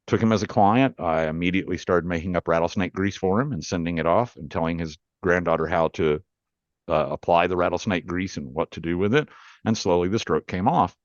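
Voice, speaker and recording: A man's voice: sits low, no echo, lo-fi sound. A male rootworker and author, a podcast guest, telling his story in a plainspoken, earnest, rambling way.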